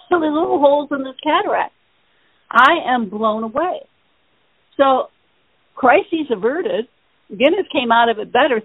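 Over a tinny, dry phone line, a woman hosts a casual spiritual Q&A, answering listener questions at length in an earnest, rambling way. Her voice is high-pitched and husky, with no room sound.

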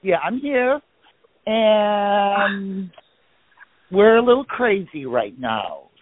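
A man co-hosting a call-in show, reading out listener questions in a relaxed way. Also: sits high, extremely slow. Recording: tinny phone line.

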